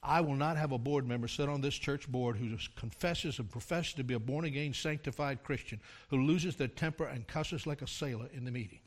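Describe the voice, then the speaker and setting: An older man preaching a sermon, telling a story from his years as a pastor and rising to loud, emphatic climaxes. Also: medium pitch, brisk, hardly any pauses.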